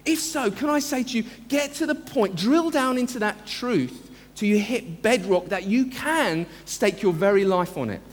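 A man preaching a sermon as a pastor, earnest and emphatic, slowing down to stress key phrases. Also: sits high, animated, long reverb tail. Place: church.

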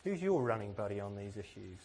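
A man's voice: fairly low pitch, very animated, fairly quick, a little mellow, husky. A man from England giving a sermon, earnest and self-deprecating, with plenty of rhetorical questions. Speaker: preacher.

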